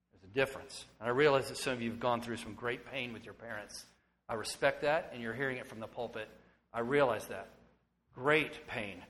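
A man in his forties preaching a sermon as pastor, swinging from hushed, tender moments to loud, excited ones. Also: medium pitch, normal speed. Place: church sanctuary. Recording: long hall reverb.

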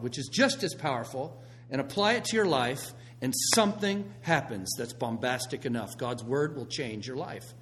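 A middle-aged man preaching a sermon as a pastor, telling stories with animated swings between loud bursts and hushed lines. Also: medium pitch, normal speed, slight background noise.

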